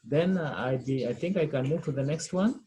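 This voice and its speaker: A man's voice: on the high side, brisk, mellow, a little hiss or hum. A man tutoring a student in French one on one, patient, repeating words and checking with "okay?". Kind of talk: one-on-one language lesson.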